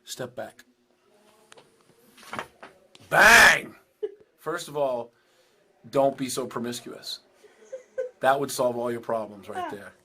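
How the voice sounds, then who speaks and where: A man's voice: expressive, takes it slowly, long pauses, bright, forceful tone, a little hiss or hum. A middle-aged man, a dog trainer hosting his show, giving casual, joking advice on dogs and a new baby. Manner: joking, breaks into shrill impressions of owners.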